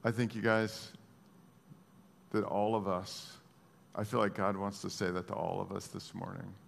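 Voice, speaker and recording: A man preaching a sermon as a pastor, earnest and emotional, moving between hushed and raised speech. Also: lowish voice, little pitch movement, moderate pace, creaky, in a large hall, a little hiss or hum.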